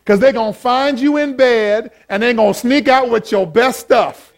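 A man preaching a sermon, animated and playful, swinging from loud exclamations to low asides and joking with the congregation. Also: normal speed, creaky. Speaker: pastor.

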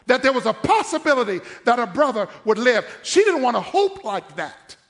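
High-voiced man preaching emphatically. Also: big pitch swings, moderate pace, fairly bright tone. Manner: emphatic, questioning the congregation. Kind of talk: sermon. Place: church.

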